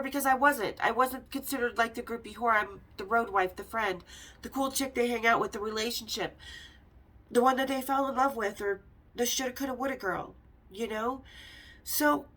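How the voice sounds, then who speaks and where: A bit bright and on the high side, this woman's voice belongs to a middle-aged Las Vegas podcast host. She tells a personal story with candor and profanity, acting out the dialogue she quotes.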